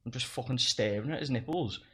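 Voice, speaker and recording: An English comedian in his youth, guesting on a podcast, tells stories in casual chat, laughing through them and swearing freely. His voice is medium-pitched, a bit bright and breathy-edged, and fairly quick.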